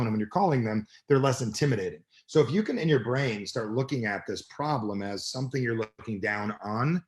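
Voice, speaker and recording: Middle-aged guy coaching fast, blunt and emphatic, swears a lot. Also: medium pitch. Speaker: personal development coach. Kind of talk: energetic interview talk.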